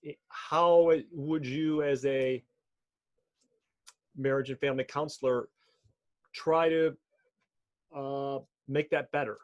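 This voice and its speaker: A man asking questions in an interview, starting and restarting his sentences with hesitation. His voice sits at a middle pitch. The audio is dull and lo-fi, a little distant. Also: steady tone, slow pace, pauses often, a little mellow.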